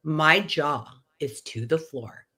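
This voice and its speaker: A woman in her sixties, a podcast guest, telling an animated story and acting out the dialogue. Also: sits low, slow, slightly rough. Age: 60s. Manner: animated, acts out quoted dialogue. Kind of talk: anecdotal storytelling in conversation.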